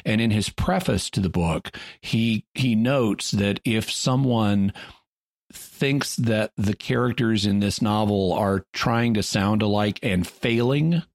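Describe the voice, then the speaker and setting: A man with a very low voice talks through a point in a relaxed podcast chat. He explains at length, often stopping to rephrase as he goes. The sound is dry and close. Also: takes it slowly, creaky, dry recording. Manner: thoughtful, explanatory, with restarts. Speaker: podcast co-host. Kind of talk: casual discussion. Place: lives in the Ozarks.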